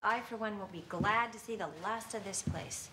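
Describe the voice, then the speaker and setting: A woman's voice: mid-range voice, moderate pace, sharp tone, slight background noise, natural voice. An actress playing a sassy young woman who makes dry, sarcastic quips in a TV drama. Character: sassy young woman mocking a creepy hotel. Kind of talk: TV drama dialogue.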